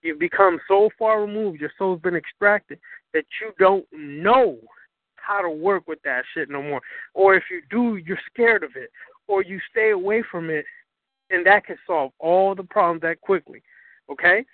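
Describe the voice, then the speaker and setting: A man's voice: sits high, normal speed, dry recording. A man giving an impassioned, profane lecture on spirituality, preaching and hammering his points home. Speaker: spiritual teacher. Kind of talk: impassioned lecture on a call-in broadcast. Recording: dry tinny phone line.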